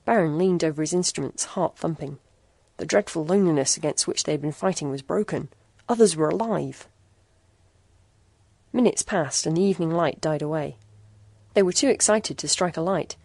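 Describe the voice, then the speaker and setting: Low, gravelly woman narrator. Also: normal speed, a little mellow, no room sound. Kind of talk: storybook narration.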